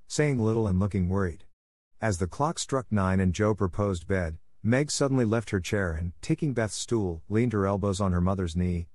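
A male narrator reading a classic novel aloud in a steady, measured way. His voice sits low, and the recording is dry and close. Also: dry recording.

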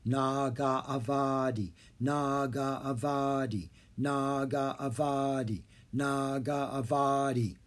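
A storybook reader voicing entranced twin children who chant slowly in a flat monotone. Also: medium pitch, voice pushed up.

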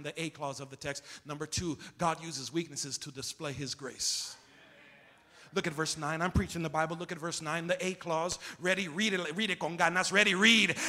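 A man preaching a sermon as pastor, leading the congregation in call-and-response and swinging between shouting and quiet talk. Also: fairly high pitch. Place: church sanctuary. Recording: long reverb of a big hall.

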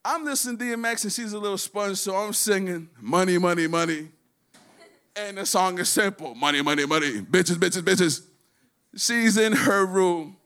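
A man's voice: high-pitched, a bit bright, smooth. Crude, rambling stand-up comedian man. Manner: does quick voices for his daughter and others.

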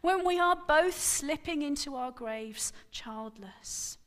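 A woman's voice: slow, fairly bright tone, long reverb tail. A woman voicing a bitter, anguished older woman who has no children, in a dramatic scripted reading of a sermon passage. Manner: pleading, high-strung.

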